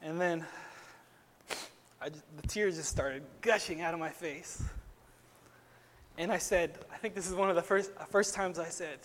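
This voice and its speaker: High-voiced young man preaching in a reverberant hall. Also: moderate pace, pauses often, slight background noise. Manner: earnest, conversational storytelling with many "like" fillers. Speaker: speaker at a Christian gathering. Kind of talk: personal testimony sermon.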